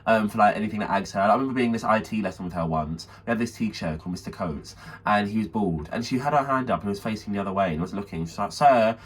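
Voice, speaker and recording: A man's voice: lowish voice, rapid-fire, few pauses, husky. A young man with an English accent, co-hosting a comedy podcast and telling a long, camp, gossipy story. He calls his co-host honey and mama, laughs often and acts out the people he quotes.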